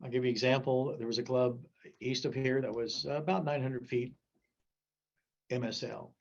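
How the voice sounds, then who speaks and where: Older man in his 70s, folksy safety speaker, joking storyteller, middle pitch, dull lo-fi sound. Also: fairly even intonation, moderate pace, gravelly, darkish tone. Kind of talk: safety talk with anecdotes.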